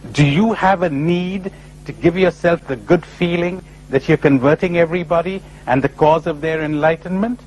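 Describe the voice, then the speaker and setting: A man giving a spiritual talk to a live audience, animated and full of rhetorical questions, often acting out other people's replies. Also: fairly high pitch, moderate pace, slight background noise, poor audio. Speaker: spiritual speaker. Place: lecture before a live audience.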